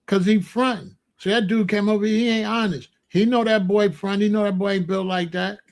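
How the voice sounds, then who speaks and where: Guy going off on stream, gravelly voice on the higher side, blunt and confrontational. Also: steady tone, fairly quick. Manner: confrontational, blunt street slang. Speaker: commentary streamer. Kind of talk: heated streaming commentary.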